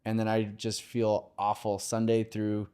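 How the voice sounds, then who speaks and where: Male podcast guest, low register, smooth resonant tone, candid storyteller who pauses with fillers. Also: monotone, warm tone. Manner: open and conversational, with filler pauses. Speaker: podcast guest, mortgage lender.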